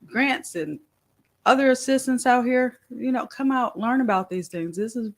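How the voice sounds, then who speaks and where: A woman's voice: fairly high pitch, moderate pace. A woman who specializes in first-time home buyers, a guest on a radio show, speaking earnestly and passionately. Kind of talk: guest talk on a podcast.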